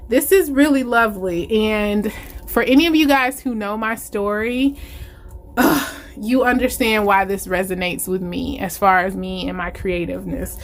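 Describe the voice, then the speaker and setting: A woman, gushing with excitement as she unboxes planner supplies and chats to her viewers. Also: medium pitch, moderate pace. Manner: gushing, excitable, exclamations of delight. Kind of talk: casual unboxing chat to viewers.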